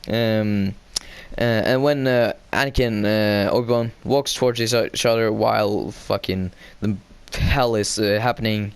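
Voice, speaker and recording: A man casually recapping a show episode. He hesitates a lot, fills pauses with "uh" and "um", corrects himself, and gets excitable as he retells the scenes. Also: lowish voice, clean tone, no echo. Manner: hesitant, heavy fillers and self-corrections.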